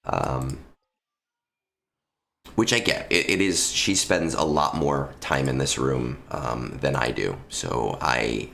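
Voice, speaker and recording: A man's voice: a bass voice, vocal fry, bright, forceful tone, a little hiss or hum. A man streaming live, chatting casually with viewers from a room at home into a close microphone, rambling and swearing with many restarts and ums, with a lingering cough after an illness.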